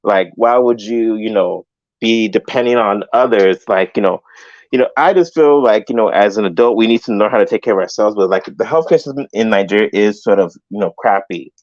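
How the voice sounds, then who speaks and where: A man's voice: on the low side, a little fast, dry recording, lo-fi sound. A man calling in to a live show, rambling and filling his talk with "like" and "you know". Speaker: caller. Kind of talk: call-in opinion.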